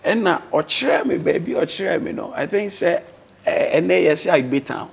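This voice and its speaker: A man's voice: sits high, animated, measured pace, vocal fry, breathy edge. A man with a Ghanaian accent, a guest on a talk show, earnestly telling his life story and mixing English words into his speech.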